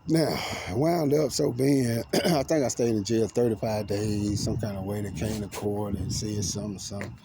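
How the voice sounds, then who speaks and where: Rambling man, dark-voiced. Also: fairly even intonation, moderate pace, few pauses, slight background noise. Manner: rambling, profane, paranoid, swinging between loud outbursts and low mutters. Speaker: vlogger. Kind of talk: agitated personal storytelling to camera. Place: outdoors among trees.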